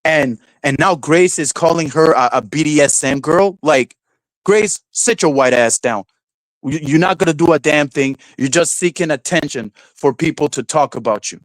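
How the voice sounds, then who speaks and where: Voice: mid-range voice, moderate pace, hardly any pauses, no echo, poor audio. A streamer host in a casual livestream rant, swearing freely, laughing often and mocking people with silly voices.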